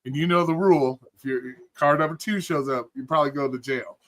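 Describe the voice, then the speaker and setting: A man's voice: a little high, brisk. A man telling stories on a live stream in a casual, blunt and profane way. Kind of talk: casual storytelling.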